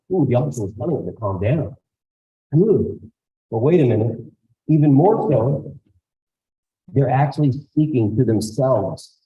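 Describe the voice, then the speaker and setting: A man's voice: on the high side, lo-fi sound. A man giving a storytelling talk to school staff, acting out the people in his stories. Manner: animated storyteller, acts out voices. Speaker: guest speaker. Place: school auditorium.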